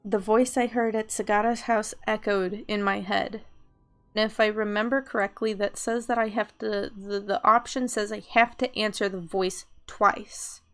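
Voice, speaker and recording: A woman's voice: medium pitch, steady tone, normal speed, a bit bright. A woman reading a visual novel aloud, narrating and adding chatty asides. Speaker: game reader.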